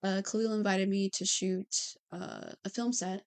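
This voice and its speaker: A woman's voice: medium pitch, steady tone, moderate pace, creaky, darkish tone, clear, resonant tone. A woman, a film photographer, talking as a podcast guest in casual chat, chatty with many fillers. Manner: chatty, laughing easily, filler-heavy.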